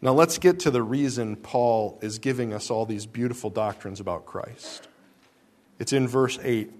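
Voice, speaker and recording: A male pastor delivering a sermon in a voice of ordinary middle pitch. He speaks with emphasis and fires rhetorical questions at his listeners. He drops to slow, quiet lines and then rises to loud, lively ones. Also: slight background noise. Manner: wide swings between soft and loud.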